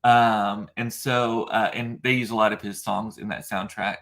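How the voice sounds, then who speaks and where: A man with a deep, gravelly voice hosting a casual livestream, rambling chattily through viewer comments with plenty of fillers and self-deprecating asides. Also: steady tone, moderate pace, fairly bright tone. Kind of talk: casual chat.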